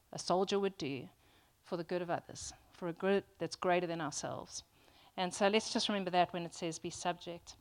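A woman preaching a sermon to a congregation, earnest and emphatic, often restarting with ums. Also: mid-range voice.

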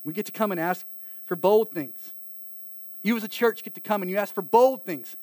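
A man from eastern North Carolina with a local accent, preaching a sermon in a conversational way, with lively asides and acted-out quotes. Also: high voice, normal speed, no echo. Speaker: pastor.

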